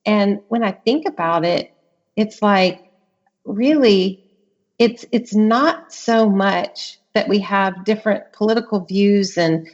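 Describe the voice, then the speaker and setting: A middle-aged woman speaks with earnest conviction, stacking up vivid examples and stressing her key words. Her voice sits in an ordinary middle pitch. The audio is a little dull and muffled, as if the high end has been cut away. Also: slow pace. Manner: earnest, vivid storytelling with emphatic repetitions. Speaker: author and podcast guest. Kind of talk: conversational interview.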